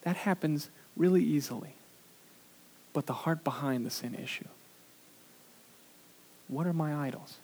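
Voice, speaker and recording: A man's voice: measured pace, long pauses, slight background noise. Earnest man preaching a sermon. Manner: earnest preaching with frequent "uh" fillers; swings between emphatic rises and quiet low drops. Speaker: pastor.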